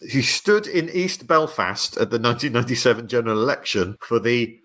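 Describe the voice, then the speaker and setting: A man co-hosting a comedy podcast, telling football history in a dry, steady storytelling manner. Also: medium pitch, a little fast. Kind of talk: casual podcast chat.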